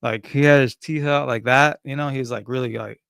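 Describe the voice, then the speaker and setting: Animated, profane man telling street stories. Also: mid-range voice, fairly quick, creaky, clean tone, no echo, clean studio sound. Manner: animated, profane storyteller, swings loud and soft. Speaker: podcast co-host. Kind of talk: casual chat.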